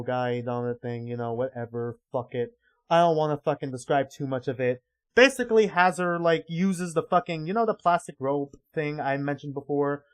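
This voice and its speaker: Rambling, swearing man streamer. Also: a little high. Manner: rambling, heavy swearing, exasperated. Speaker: livestreamer. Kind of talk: casual reaction commentary.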